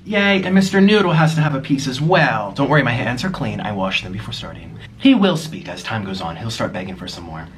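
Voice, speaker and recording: A man's voice: medium pitch, sing-song, brisk, hardly any pauses, a little hiss or hum. A young man chatting casually as he eats on camera, gushing and cooing at his pets in baby talk. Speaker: vlogger. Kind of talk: casual mukbang chat.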